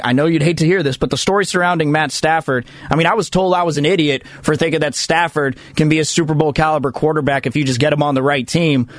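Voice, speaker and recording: A man's voice: fairly high pitch, dry recording. A man hosting a sports talk segment, talking casually and emphatically with jokey asides. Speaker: sports radio host.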